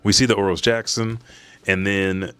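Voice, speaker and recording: A man hosting a casual reaction, reading a chapter aloud. He swears freely and gets excited. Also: on the low side, normal speed, clear, resonant tone, dry recording. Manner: profane, excitable, reads quoted lines aloud. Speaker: manga reaction host.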